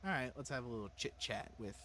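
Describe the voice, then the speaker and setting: A man's voice: mid-range voice, quick pace, sharp tone, a little hiss or hum. A man playing a mystery game, reading its text aloud and reacting with wry jokes. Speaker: game streamer.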